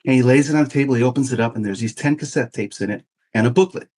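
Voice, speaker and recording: A man's voice: medium pitch, rapid-fire. A man in his fifties telling a long personal story as a podcast guest, acting out the voices of the people in it. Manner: animated, acts out quoted voices. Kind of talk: casual storytelling.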